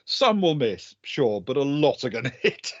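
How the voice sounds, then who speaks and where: A man narrating as game master in a tabletop game, measured with frequent hesitations. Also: medium pitch, very animated, no echo, highs cut off.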